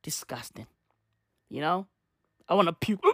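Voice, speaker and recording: A woman's voice: medium pitch, sing-song, a little slow, fairly bright tone, no echo, studio quality. A woman delivering a profane, sarcastic comic rant as a vlogger. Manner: profane, sarcastic, exasperated ranting.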